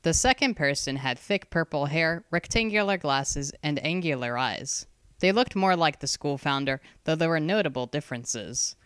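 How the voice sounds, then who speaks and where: Smooth, measured audiobook narrator. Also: mid-range voice, lively intonation, fairly bright tone, no echo, studio quality. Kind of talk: scripted narration.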